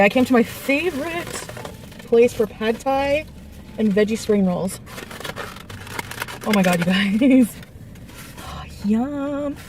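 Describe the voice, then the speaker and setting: A woman's voice: fairly high pitch, slight background noise. Chatty woman vlogging from her car. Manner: chatty, laughing often, eating between sentences. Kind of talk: casual storytime and car mukbang. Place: parked car.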